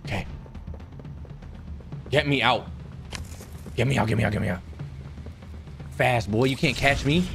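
A man's voice: medium pitch, measured pace, gravelly, long pauses, fairly bright tone, faint music behind. A young man streaming a horror game, panicking, yelping and muttering to himself. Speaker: gaming streamer. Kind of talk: live horror game commentary.

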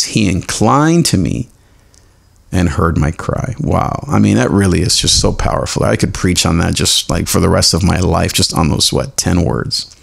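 A man hosting a devotional podcast, animated and self-mocking, who explains Hebrew words slowly and laughs often. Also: on the low side, vocal fry. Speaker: podcast host.

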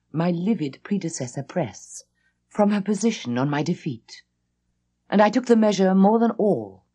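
A woman reading a classic ghost story aloud, with an intense, expressive storytelling manner. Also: lowish voice, husky. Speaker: audiobook reader. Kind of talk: dramatic audiobook narration.

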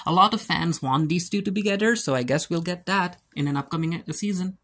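A casual reviewer recapping a TV episode, who keeps slipping into quick put-on voices for the characters. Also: a bit bright. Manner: retells scenes, briefly voicing the characters with pitch jumps.

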